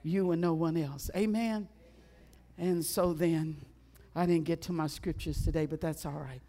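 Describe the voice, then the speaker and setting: A woman preacher delivering a sermon and then praying. She repeats phrases for emphasis and swings between loud exclamations and hushed, drawn-out lines. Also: low-pitched, fairly even intonation. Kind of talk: sermon and closing prayer.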